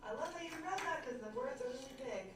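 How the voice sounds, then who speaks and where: A woman teacher speaks patiently and encouragingly, coaching a child through reading step by step. She is recorded from a distance in an echoey classroom, with steady background noise under her voice. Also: sits high, fast. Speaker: teacher coaching a young reader. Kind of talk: one-on-one reading conference.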